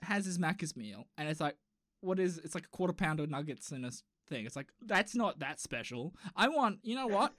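A man's voice: a little high, a little fast, no echo. Young aussie guy joking around on a podcast, voice swings all over, dry close sound. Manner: joking, rambling, animated. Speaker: podcast co-host. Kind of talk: casual chat.

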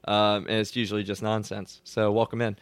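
A man's voice: lowish voice, level tone, brisk, clean tone, dry recording. Laid-back young man chatting, dry sound. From Louisiana. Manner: laid-back, swears a lot, laughs often. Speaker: podcast co-host. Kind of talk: casual chat.

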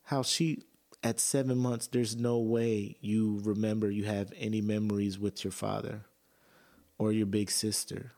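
A man's voice: on the low side, little pitch movement, unhurried, darkish tone. A man hosting a podcast, talking earnestly and emotionally in a personal monologue, with casual fillers and swearing. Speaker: podcast host.

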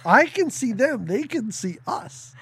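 A man's voice: very high voice, very animated, unhurried, a bit bright, breathy edge, no room sound. A man co-hosting a podcast, casually recapping a movie and acting out characters' lines in jokey asides. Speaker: podcast co-host.

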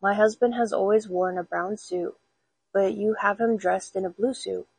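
A woman voicing a particular widow at a funeral parlor, in a quiet husky storybook reading. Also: medium pitch, fairly even intonation, moderate pace, no room sound, poor audio. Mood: fussy. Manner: particular, polite complaining.

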